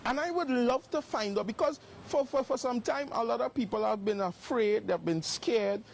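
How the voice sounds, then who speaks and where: Emphatic high-voiced man. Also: normal speed, vocal fry, a little hiss or hum. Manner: emphatic, repetitive, accusing. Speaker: live-stream host. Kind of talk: livestream exposé. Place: outdoors by a property.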